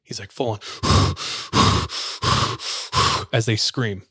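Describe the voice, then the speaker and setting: A man's voice: fairly low pitch, steady tone, extremely slow, creaky, sharp tone, breathy edge, dry recording. A man hosting a podcast, telling a story in casual chat and acting out the chants he quotes. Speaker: podcast host.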